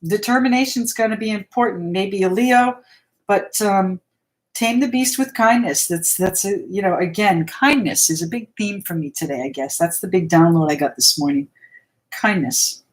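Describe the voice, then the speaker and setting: A woman hosting a live tarot reading, chatting with viewers and reassuring them as she thinks aloud between cards. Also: mid-range voice. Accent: American. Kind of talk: live-stream card reading, answering viewers.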